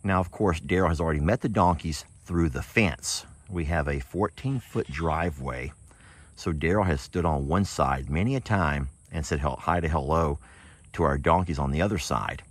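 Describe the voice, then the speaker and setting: A man's voice: a bass voice, normal speed, no room sound. A man narrating a casual vlog outdoors in a pasture, folksy and chatty, talking to his animals as he goes. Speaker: animal sanctuary owner.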